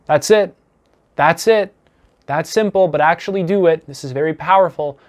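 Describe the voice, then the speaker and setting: A man coaching viewers in a calm, deliberate teaching talk. His voice sits slightly higher than most men's. He is earnest, repeats his main phrases, and drops in easy fillers as he goes. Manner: casual fillers like "you know". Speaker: self-improvement coach. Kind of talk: teaching monologue to camera.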